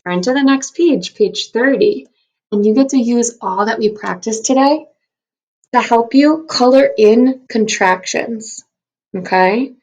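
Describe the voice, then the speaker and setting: A female first grade teacher gives a recorded phonics lesson, slowly and clearly sounding out letters and syllables with an upbeat, encouraging manner. Her voice is a little high and a little mellow.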